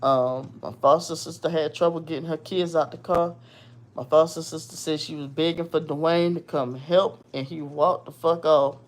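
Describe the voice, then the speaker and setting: A woman from Virginia hosting her show, casually telling a personal story in a blunt, animated, profane way. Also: deep voice, normal speed.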